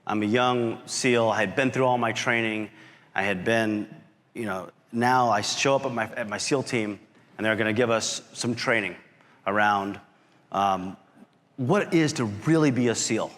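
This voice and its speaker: A man giving a motivational talk as a keynote speaker, telling a story with animated energy and acting out quoted lines. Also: fairly low pitch, normal speed. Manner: animated storyteller who acts out quotes and shouts. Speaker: keynote speaker, company founder. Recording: long reverb of a large hall.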